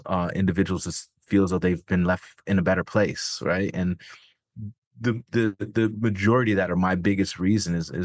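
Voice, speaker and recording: A man's voice: sits low, no echo, studio quality. A middle-aged man, a podcast guest, telling a personal story in a candid, casual way, swearing freely and filling his talk with "man" and "like". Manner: casual, profane, many fillers like "man" and "like".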